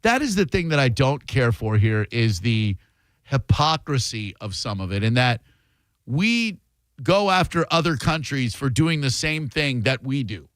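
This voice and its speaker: A man's voice: medium pitch, big pitch swings, measured pace, a bit bright, no echo. A man hosting a call-in radio talk show, speaking casually and thinking aloud. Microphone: studio microphone.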